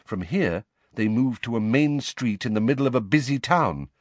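A man reading a story aloud as an audiobook narrator, with expressive storytelling. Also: mid-range voice, moderate pace, no room sound. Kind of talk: scripted narration.

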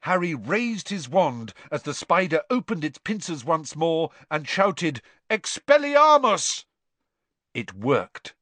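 A man narrating an audiobook in an expressive, dramatic reading that rises with the action. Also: a little high, measured pace, few pauses, no room sound.

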